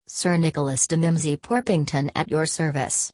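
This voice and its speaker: A woman's voice: sits low, steady tone, moderate pace, darkish tone, no room sound, natural voice. A woman voicing an old, courtly male ghost who speaks sadly and formally. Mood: wistful.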